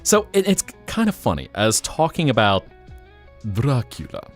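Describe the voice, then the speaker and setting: A man hosting a live stream, chatting casually in an animated, rambling, jokey way. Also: mid-range voice, measured pace, soft background music.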